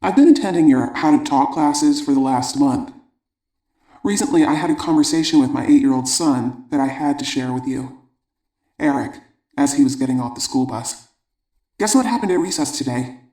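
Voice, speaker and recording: A man narrating an audiobook, reading letters aloud in a measured, even way. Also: mid-range voice. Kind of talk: scripted narration. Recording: roomy echo.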